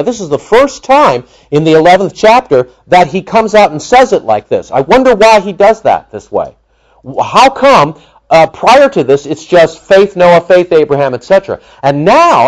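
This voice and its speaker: Animated preacher man, lively pitch. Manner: animated teaching, rhetorical questions to the congregation. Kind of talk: sermon.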